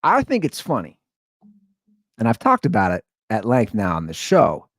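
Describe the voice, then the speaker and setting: Lively, rambling male podcast host. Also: on the low side, normal speed, dry recording, clean studio sound. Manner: rambling, animated storytelling. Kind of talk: casual monologue.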